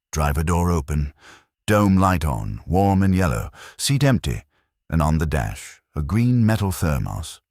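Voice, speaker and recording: In a remarkably low, heavy voice, a man narrates a first-person horror story. His delivery is measured, somber and confessional, and the recording is dry and close with no room echo.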